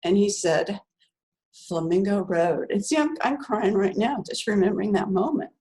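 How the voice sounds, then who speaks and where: A woman's voice: medium pitch, animated, brisk, darkish tone, rough recording. An older woman, a guest author, telling a story in a chatty way, laughing often and using many fillers. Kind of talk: animated storytelling.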